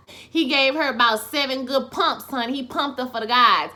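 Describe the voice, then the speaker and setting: Expressive, profane TV recapper; woman, a touch high, bright and punchy. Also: moderate pace. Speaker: TV recap vlogger. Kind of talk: casual episode recap.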